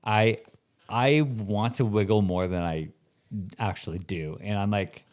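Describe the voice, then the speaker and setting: A man in his forties talks with a lowish voice, rambling through comedic podcast banter. He leans on "like" constantly and swears freely, circling back on his own thoughts as he goes. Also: fairly even intonation, a little slow, a little mellow. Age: 40s. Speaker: podcast co-host. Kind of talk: casual comedic chat.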